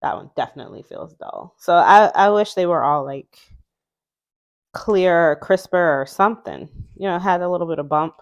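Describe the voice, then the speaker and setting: A woman's voice: lowish voice, expressive, moderate pace, vocal fry. A woman chatting casually as she reviews an oracle deck, reading card words aloud and musing about them. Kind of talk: casual unboxing chat.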